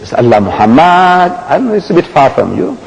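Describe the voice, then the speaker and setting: A man's voice: huge pitch swings, fast talker, creaky, a little mellow. Older man preaching in an echoing hall. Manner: storytelling, dramatic pitch swings, rhetorical questions. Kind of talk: public lecture to an audience. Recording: long hall reverb.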